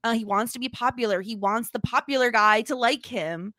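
A woman co-hosting a TV recap podcast, chatting casually and retelling scenes in a quick, animated way. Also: a little high, no room sound. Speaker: podcast co-host.

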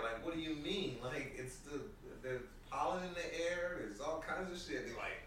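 Guy cracking himself up telling stories, kinda high voice, big echoey room, sitting back from the mic. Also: moderate pace, hardly any pauses, far from the mic, a little hiss or hum. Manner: animated, laughing storyteller, heavy slang. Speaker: podcast co-host. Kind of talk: casual chat.

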